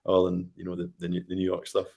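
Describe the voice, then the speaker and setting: Man, very low gravelly voice, unhurried talk on a call. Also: completely flat delivery, a little mellow. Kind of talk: casual group chat on a video call.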